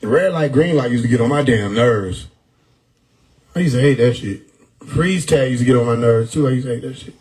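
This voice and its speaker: A man hosting a live stream, riffing loudly on chat comments with frequent laughter and profanity. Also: medium pitch, moderate pace, rough recording. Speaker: livestream host reading chat. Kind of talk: casual livestream chat. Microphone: phone or desktop mic on a live stream.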